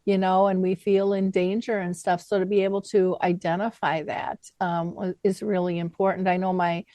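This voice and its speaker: A middle-aged woman hosting a talk show, telling an anecdote in a lively, conversational way. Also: on the low side, normal speed, no room sound. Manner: lively anecdotal, acts out quoted dialogue. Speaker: podcast host. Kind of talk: conversational storytelling.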